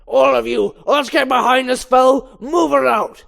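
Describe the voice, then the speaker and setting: A woman voicing a gruff male bee squad leader, loud and commanding as he rallies the troops. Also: medium pitch, normal speed.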